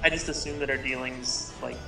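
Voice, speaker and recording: A man's voice: medium pitch, fairly even intonation, brisk, gravelly, music in the background. A man playing a tabletop game who speaks casually in a rambling, hesitant way. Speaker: player. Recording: roomy, distant mic.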